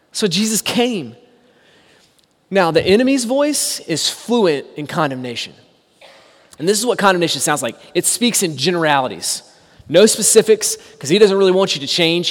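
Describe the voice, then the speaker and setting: A man preaching a sermon, emphatic, asking rhetorical questions and dropping to a hushed voice for quotes. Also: sits high, long reverb tail. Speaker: pastor.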